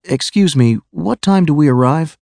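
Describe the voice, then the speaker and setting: A man's voice: on the high side, normal speed, vocal fry, darkish tone, no echo, pitched above the performer's own voice. A guy doing a polite older gent, gray-haired, friendly, storybook reading, dry sound. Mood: courteous. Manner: courteous, friendly. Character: older short thin gray-haired man, courteous.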